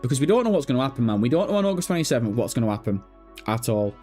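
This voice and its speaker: A man's voice: medium pitch, sing-song, very fast, darkish tone, soft background music. A man chatting casually on a gaming news livestream, swearing freely and breaking into helpless laughter.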